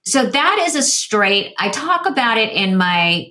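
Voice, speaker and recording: A woman in her fifties, a guest telling candid stories with quick asides. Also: fairly high pitch, big pitch swings, sharp tone. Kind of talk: interview conversation.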